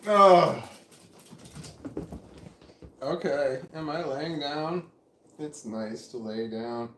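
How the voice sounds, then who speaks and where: A man's voice: on the high side, extremely slow, fairly bright tone, roomy sound. A middle-aged man livestreaming from home, rambling and correcting himself while coughing often. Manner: meandering, self-correcting, chuckling to himself. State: coughing repeatedly. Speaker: vlogger livestreaming. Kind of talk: rambling casual self-talk. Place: home room with a fan running.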